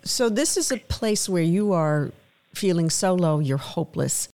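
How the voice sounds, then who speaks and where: A woman interviewer asking gentle, sympathetic questions. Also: lowish voice, animated, a little slow.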